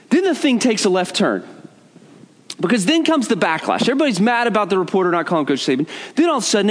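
A fairly high-voiced middle-aged man spins a self-mocking, humorous story for a crowd. He talks conversationally with quick asides and restarts. His voice rings with the long reverb of a large hall. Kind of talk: humorous storytelling talk to an audience.

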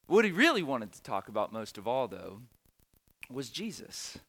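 A man's voice: medium pitch, wildly swooping pitch, normal speed, gravelly, fairly bright tone. A middle-aged man, a pastor telling a story in a sermon in an earnest, emotional way, repeating phrases for emphasis.

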